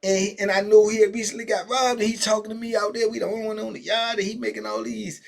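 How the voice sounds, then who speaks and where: Brief: high-voiced, husky man, casual host telling stories in slang. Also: level tone, quick pace. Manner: loose slang-heavy talk with many asides. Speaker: storyteller, channel host. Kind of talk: casual storytelling vlog.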